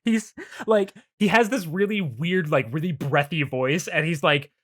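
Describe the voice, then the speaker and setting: Young man on a podcast, bright voice, profane and laughing, casual episode recap. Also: on the high side, measured pace. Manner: loose and profane, laughs often. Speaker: podcast co-host.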